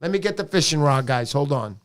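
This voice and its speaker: Joking, excitable man hosting a livestream. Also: on the high side, fairly quick. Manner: playful, jokey, loud bursts of excitement. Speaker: livestream host. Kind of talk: casual livestream chat.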